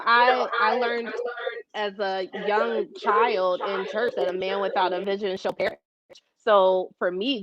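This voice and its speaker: A woman joining a book club talk as a guest, speaking in a thoughtful, measured way. Her voice is dry and close, and it comes through a somewhat dull, lo-fi connection. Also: medium pitch, no room sound. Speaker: guest, discussion participant. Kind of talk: casual discussion.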